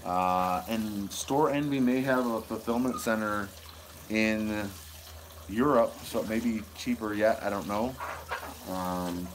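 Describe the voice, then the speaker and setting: A man's voice: lowish voice, background noise. A man from Michigan hosting a casual live stream, rambling goofily as he answers viewer comments outdoors on his homestead. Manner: goofy, rambling, reads viewer comments aloud. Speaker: homesteading channel host. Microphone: wireless lapel mic.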